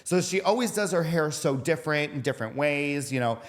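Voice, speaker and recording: A man talking as a podcast guest, telling stories with plenty of swearing. His voice sits fairly high and swings up and down with lots of life. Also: brisk. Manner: animated, profane storytelling. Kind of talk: casual podcast conversation.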